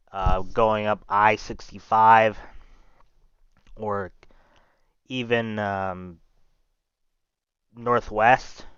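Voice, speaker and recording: A man's voice: on the low side, fairly bright tone, clean tone, no echo, muffled recording. A man on a live weather stream, thinking aloud in a casual way as he studies radar.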